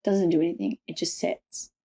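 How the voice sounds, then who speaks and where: A woman's voice: fairly low pitch, moderate pace, vocal fry, husky. Young woman cohost, casual chatty podcast talk, piles on fillers. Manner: animated, retells stories with lots of fillers. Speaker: podcast co-host. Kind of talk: casual chat.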